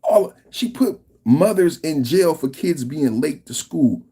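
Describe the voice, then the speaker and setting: Husky, animated man ranting. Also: on the high side, slow pace. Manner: animated, emphatic, slangy, repetitive. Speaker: podcast host. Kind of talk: political reaction rant.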